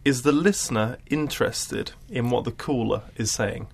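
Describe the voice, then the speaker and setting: A man's voice: mid-range voice, moderate pace, vocal fry, slightly rough. A man teaching an English class, patient and encouraging with his students.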